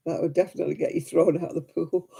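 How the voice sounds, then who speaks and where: A woman's voice: on the low side, gravelly, mellow, breathy edge. A woman hosting a casual crafting livestream, sleepy and yawning, chatting with viewers and laughing often. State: drowsy and yawning.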